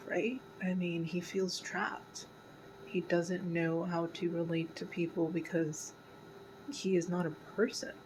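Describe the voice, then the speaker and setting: A woman hosting a casual reaction video, talking through an episode with many fillers and slipping into a soft whisper at sad parts. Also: on the low side, a little hiss or hum, poor audio. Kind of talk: casual pause-and-talk commentary.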